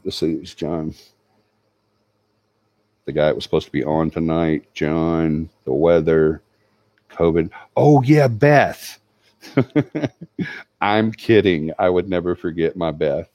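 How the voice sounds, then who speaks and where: A man, hosting a paranormal channel, gives a halting, heartfelt tribute full of fillers. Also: very deep voice, a little mellow, no room sound. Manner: halting, sincere, many fillers. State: tearing up. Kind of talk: emotional livestream tribute.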